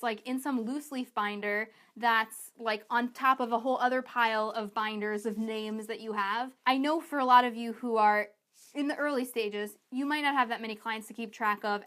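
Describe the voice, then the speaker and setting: A woman with a somewhat high voice delivers a sales training talk to coaches. She talks in a chatty, energetic and emphatic way, and she keeps slipping into her clients' voices for quick asides. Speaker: business coach.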